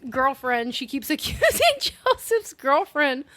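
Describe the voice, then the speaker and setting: A woman's voice: high-pitched, very animated, slow, a bit bright, no room sound. A woman co-hosting a casual movie review, rambling through a plot recap with lots of swearing and fillers. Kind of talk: casual chat recapping a film.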